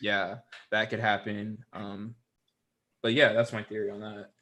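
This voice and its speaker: Young male co-host, low-pitched, easygoing and rambling, heavy on fillers. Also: little pitch movement, measured pace, pushed and bright. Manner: rambling, filler-heavy, laid-back with mocking asides. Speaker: podcast co-host. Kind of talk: casual chat.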